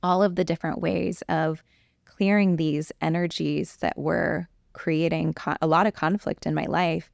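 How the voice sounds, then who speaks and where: A middle-aged woman coach telling a personal story in an interview, animated and acting out quoted exchanges. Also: sits low, a little slow, creaky, dry recording.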